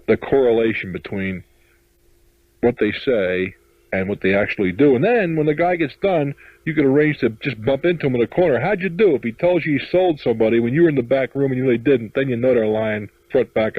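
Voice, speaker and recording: A man's voice: medium pitch, husky, dry recording. A middle-aged man hosting a call-in radio advice show, blunt and chuckling as he gives callers his advice. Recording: lo-fi radio broadcast audio.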